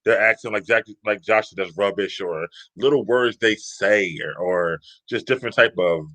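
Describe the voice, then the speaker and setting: Deep-voiced laid-back man. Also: moderate pace, sharp tone, no room sound. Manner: laid-back, agreeable, laughs often. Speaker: podcast co-host. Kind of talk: casual chat.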